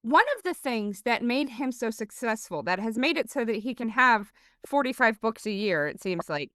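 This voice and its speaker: A woman's voice: fairly high pitch, lively intonation, normal speed, fairly bright tone, dry recording, studio quality. A woman co-hosting a podcast, casually explaining her ideas in long, thoughtful sentences. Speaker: podcast co-host. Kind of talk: casual chat.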